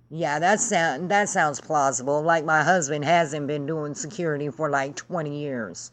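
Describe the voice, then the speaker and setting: A woman's voice: sits low, normal speed, hardly any pauses. A woman vlogging to camera in a heated, sarcastic and profane rant. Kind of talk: angry vlog rant.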